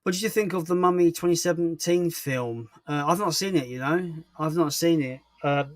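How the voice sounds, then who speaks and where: Man, young, rambling casual stream chat, slightly high voice, dry close sound. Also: normal speed, no room sound. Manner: rambling, chatty, self-deprecating. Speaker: livestream host. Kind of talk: casual chat reading viewer comments.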